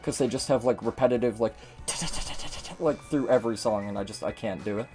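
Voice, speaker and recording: A man's voice: medium pitch, fast talker, a little mellow, soft background music. A man giving casual gameplay commentary as a streamer, chatty and swearing a lot.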